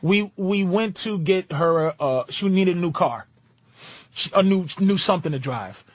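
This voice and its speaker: A man's voice: sits high, a little slow, dry recording. A man who is a guest comedian on a talk radio show, telling stories bluntly and acting out other people's voices. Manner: blunt, animated storytelling, acts out voices. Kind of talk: casual talk radio banter. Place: radio studio.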